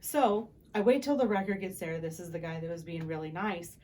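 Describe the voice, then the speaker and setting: Young woman, vlogger, casual storytelling, animated, acts out quoted voices. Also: lowish voice, a little fast.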